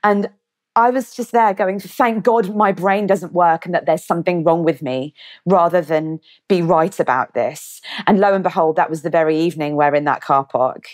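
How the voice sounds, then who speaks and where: English woman in her thirties, animated storyteller. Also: deep voice. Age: 30s. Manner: animated, vivid retelling with acted quotes. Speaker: guest. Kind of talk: conversational storytelling.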